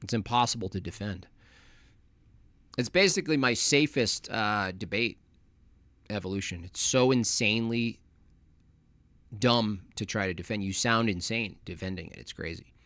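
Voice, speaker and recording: A man's voice: lowish voice, moderate pace, fairly bright tone, no echo. A man hosting a livestream, reading chat and ranting in a mocking, opinionated way. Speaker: livestream host.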